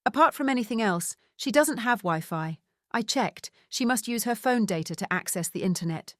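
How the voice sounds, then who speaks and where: A woman voicing a sharp, wry female private investigator. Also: a little high, expressive, no echo, clean studio sound, voice pushed up, natural voice. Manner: wry, brisk.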